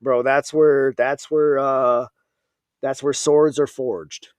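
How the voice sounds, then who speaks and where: A man's voice: medium pitch, fairly even intonation, slow, a little mellow, no echo. Profane storytelling man from Minnesota. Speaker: podcast guest, Army veteran. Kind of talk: casual podcast storytelling.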